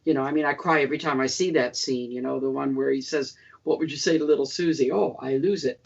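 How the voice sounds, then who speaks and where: A gravelly woman in her seventies speaks as an interview guest. She is emphatic and circles back to repeat her main points. The sound comes through a dull, lo-fi line. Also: rumbling low, fairly even intonation, quick pace, a little mellow. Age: 70s. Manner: emphatic, repeats key phrases. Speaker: musician guest. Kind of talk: interview conversation.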